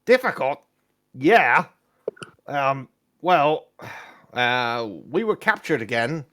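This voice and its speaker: A man voicing an excitable male friend of the adventuring party, who talks eagerly but falters with fillers. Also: medium pitch, very slow, pitched above the performer's own voice, full character voice. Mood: rattled.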